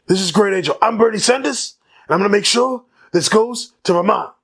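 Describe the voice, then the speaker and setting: A man doing an impression of an elderly male politician who is stoned and excited, talking loudly and repeating the listener's name. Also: sits high, brisk, gravelly, slightly rough, pitched above the performer's own voice, full character voice.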